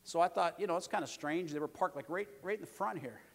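A middle-aged male pastor preaching a sermon, telling lively stories with joking asides and calling out for amens. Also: fairly high pitch, fast talker, gravelly. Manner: lively storytelling with joking asides and calls for amen. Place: large church sanctuary. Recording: long reverb of a big church hall.

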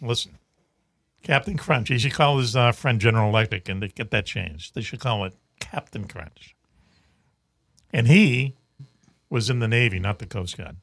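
A man's voice: mid-range voice, moderate pace, long pauses, a bit bright, no echo, studio quality. A man hosting a talk show, loose and joking in his banter. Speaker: host. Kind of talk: casual radio chat.

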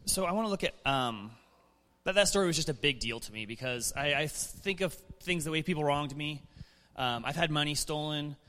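A man preaching a sermon in a relaxed, conversational way, chuckling and restarting his sentences as he reads and explains scripture in church. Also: fairly high pitch, brisk, long reverb tail.

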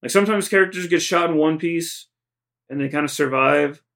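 A man's voice: fairly high pitch, fairly quick, vocal fry, fairly bright tone. A man co-hosting a podcast, recapping episodes in a rambling, casual way, full of "like" and quoted lines. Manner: rambling, heavy use of "like", retells scenes in quoted voices. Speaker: podcast co-host.

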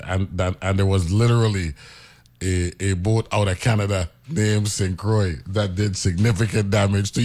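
A male radio host, talking casually in the studio, animated and repeating himself often. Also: deep voice. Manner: animated, repeats words, says "you know what I'm saying".

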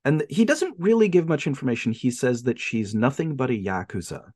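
A man's voice: mid-range voice, a little fast, dry recording, clean studio sound. A man co-hosting a film podcast in casual chat, chuckling often and retelling scenes. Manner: chuckling, retells scenes with animated quoted lines.

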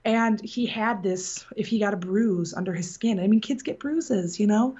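A woman's voice: mid-range voice, normal speed, dark tone. Rambling, chuckling woman on a dull mic. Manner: rambling, laughing storyteller. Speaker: podcast host. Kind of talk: casual chat.

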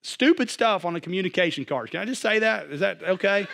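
Animated preacher man. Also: high voice, fast, vocal fry, noisy background. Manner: animated, swings from loud to hushed. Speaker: pastor. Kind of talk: sermon.

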